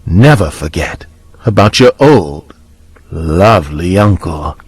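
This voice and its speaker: A man voicing a softly menacing male intruder who calls himself the child's uncle, in a slow, hushed villain monologue for a horror story. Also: low voice, lively intonation, slightly rough, no echo, voice pushed down, heavily acted. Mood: taunting.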